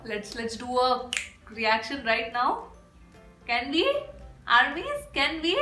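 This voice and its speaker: A woman's voice: a little high, bright, forceful tone. A woman from India, gushing emotionally in a casual reaction vlog. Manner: gushing, effusive. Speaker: reaction video host. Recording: echoey room with faint music.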